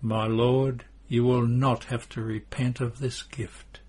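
A man voicing an eager, impulsive middle-aged fisherman disciple, his voice jumping up in pitch. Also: flat delivery, slow pace, a little mellow, breathy edge. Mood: relieved, fervent.

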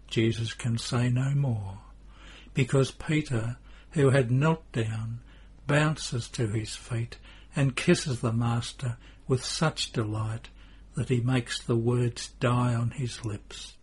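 A man narrating a story in a measured, plain reading style. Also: mid-range voice, steady tone, darkish tone, breathy edge.

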